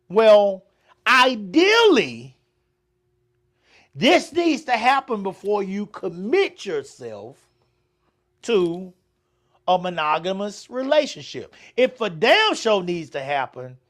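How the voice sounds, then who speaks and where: A man's voice: high-pitched, big pitch swings, takes it slowly, long pauses, fairly bright tone. A man co-hosting a podcast in casual chat, frank and profane with emphatic delivery. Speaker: podcast co-host.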